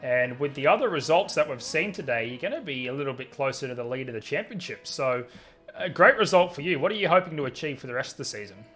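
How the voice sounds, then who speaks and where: A man's voice: medium pitch, lively intonation, fast, a bit bright, faint music behind. A man commentating a sim race and interviewing drivers afterwards, upbeat and calling everyone mate. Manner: upbeat, says "mate" a lot. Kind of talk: casual sim racing commentary.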